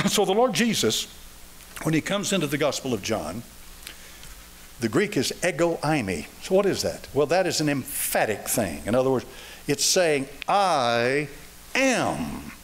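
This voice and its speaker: Male preacher, sermon, animated pitch, folksy emphatic delivery. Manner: animated preaching, rising to loud emphatic peaks, folksy asides. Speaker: pastor.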